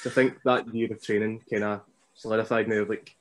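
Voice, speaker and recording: A man's voice: on the low side, fast. Chatty young Scottish man. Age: young adult. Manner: chatty, animated storytelling. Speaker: wrestler guest. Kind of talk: casual podcast interview.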